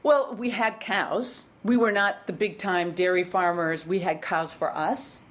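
A woman in her sixties from Wisconsin with a light Midwestern accent, talking as a guest in a casual interview, reflective and pausing with fillers. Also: on the low side, steady tone. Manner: reflective, frequent fillers and restarts.

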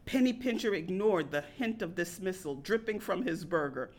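A woman reading a personal story aloud in a wry, deadpan manner. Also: lowish voice, normal speed.

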